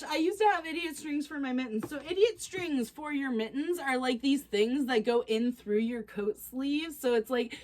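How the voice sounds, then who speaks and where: A chatty, excitable woman casually reacting to posts on her vlog, quick to laugh. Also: fairly high pitch. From Canada. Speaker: reaction channel host.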